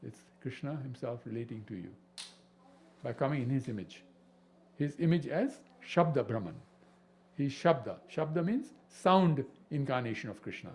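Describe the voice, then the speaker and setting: Lively man teaching scripture. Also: mid-range voice, moderate pace, slight background noise. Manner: animated, peppered with rhetorical questions. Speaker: spiritual teacher. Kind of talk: devotional scripture class.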